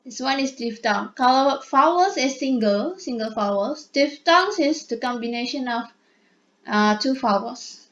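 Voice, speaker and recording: A woman lecturer with an Indonesian accent talks through her slides slowly and patiently, switching between English and Indonesian. Her voice sits a little high. The recording is dull and lo-fi. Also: animated, fairly bright tone. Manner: mixes English and Indonesian, slow and explanatory. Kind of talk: online lecture.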